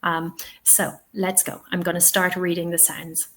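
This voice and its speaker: Irish woman slowly teaching vowel sounds. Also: on the low side, little pitch movement. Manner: patient, explains sounds slowly and models each vowel. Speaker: English teaching webinar host. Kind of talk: online lesson, live webinar.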